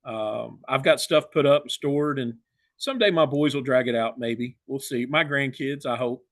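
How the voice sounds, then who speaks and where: An older man, a retired umpire, talking reflectively in a casual interview, with many pauses and fillers. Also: mid-range voice, no echo, studio quality.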